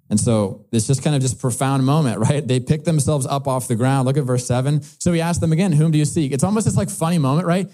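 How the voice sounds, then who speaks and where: A man's voice: mid-range voice, fast, hardly any pauses, warm tone. A man preaching a sermon, reading scripture aloud and explaining it in a loose, conversational way full of casual filler words. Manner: conversational, uses many filler likes.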